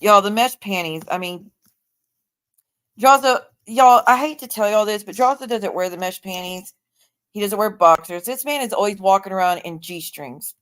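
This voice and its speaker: A woman's voice: mid-range voice, moderate pace, a bit bright, clean tone. A woman chatting casually on her livestream, blunt, profane and openly sarcastic.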